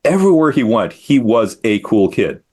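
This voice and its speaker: A man's voice: mid-range voice, sing-song, moderate pace, darkish tone, husky. A middle-aged man, a comic creator, talking casually as a guest in an interview, thoughtful and self-deprecating as he explains his work.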